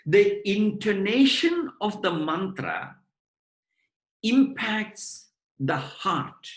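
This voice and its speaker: A man giving a devotional lecture on scripture to his students, explaining point by point in a measured way. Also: sits high, very animated. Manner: measured, explanatory, addresses listeners as brothers and sisters. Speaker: spiritual lecturer. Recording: roomy echo.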